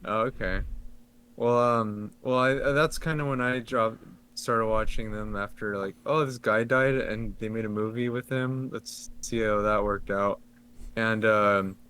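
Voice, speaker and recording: A man's voice: on the low side, fairly bright tone, clear, resonant tone. A young man co-hosting a podcast in casual chat, rambling and hesitant, with many ums. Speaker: podcast co-host.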